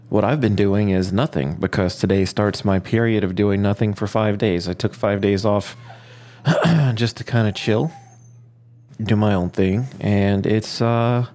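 A man's voice: fairly low pitch, a little mellow. A young man in his twenties co-hosting a casual podcast, laid-back and joking, swearing casually. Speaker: podcast co-host.

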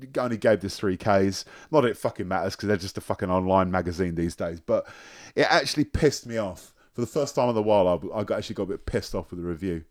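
A man as a podcast guest, talking in a rambling, halting way and swearing often. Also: low voice. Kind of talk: casual chat.

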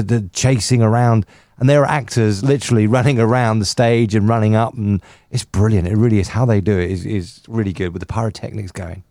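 A man's voice: on the low side, dark tone, no echo, studio quality. A man chatting on a radio show as presenter, enthusiastic and a little bossy as he teases his co-hosts. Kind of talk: casual radio chat.

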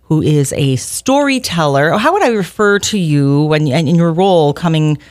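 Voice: mid-range voice, lively intonation, moderate pace, no echo. A host around fifty, with a mid-range voice, asks long, looping questions and keeps affirming the guest. It sounds like a radio interview recorded in a studio. The sound is dry and close. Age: 50s. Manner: affirming, rambling questions with fillers.

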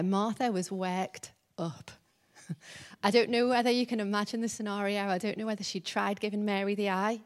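A woman preaching a conversational sermon, often laughing lightly and acting out the lines she quotes. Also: mid-range voice.

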